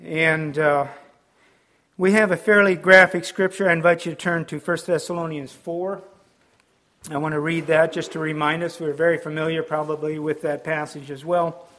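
A middle-aged male pastor gives a sermon in a voice pitched slightly above average for a man. He speaks haltingly, with many ums and restarts. His delivery is earnest and explanatory. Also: flat delivery, fairly bright tone.

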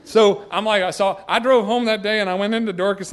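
A middle-aged man with a voice pitched a touch high. He tells a story in a casual, rambling way, stopping and restarting his sentences with folksy asides. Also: quick pace. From Georgia, US. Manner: rambling, self-interrupting, folksy.

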